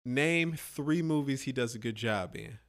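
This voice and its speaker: A man's voice: mid-range voice, a little slow, a bit bright. A man co-hosting a podcast in casual banter, blunt and argumentative, swearing freely. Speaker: podcast co-host.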